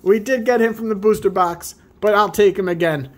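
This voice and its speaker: A man hosting a video where he opens trading card packs, reading off each card and breaking into excited high exclamations at the good ones. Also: fairly quick. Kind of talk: casual pack-opening commentary.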